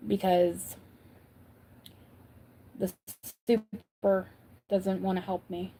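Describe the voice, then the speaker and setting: A woman's voice: mid-range voice, level tone, very slow, dark tone. A woman from upstate New York hosting a casual livestream, chatting and answering viewers' comments as she goes. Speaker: livestream host.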